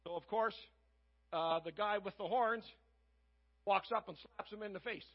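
High-voiced guy preaching, acts out the characters, dull muffled recording. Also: unhurried. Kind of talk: sermon retelling a Bible story.

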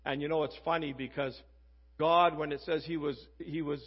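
Husky-voiced man preaching a sermon. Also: fairly high pitch, normal speed, muffled recording. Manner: conversational, animated, acts out quoted voices.

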